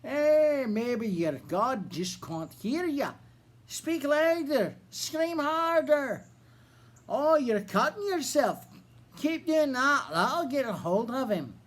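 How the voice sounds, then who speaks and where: A man's voice: expressive, slow, pauses often. A man voicing the prophet Elijah in a put-on Irish accent, bold and taunting. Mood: mocking. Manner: taunting, loud and high when mocking.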